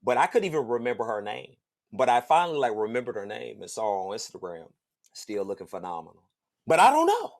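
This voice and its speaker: A man hosting a podcast, telling a personal story in a casual, slangy, animated way and laughing along the way. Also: lowish voice, quick pace, creaky. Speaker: podcast host.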